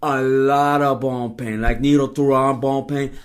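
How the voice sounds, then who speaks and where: A man's voice: medium pitch, flat delivery, a little slow, lightly acted. A man doing a blunt Filipino-accented nurse. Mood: gloomy blunt. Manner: grim, blunt, broken phrasing. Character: small blunt woman nurse with heavy accent.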